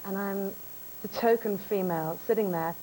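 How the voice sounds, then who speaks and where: A young woman, a talk show guest telling a lively, self-mocking story about an audition. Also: mid-range voice, normal speed, a little hiss or hum, low-quality recording.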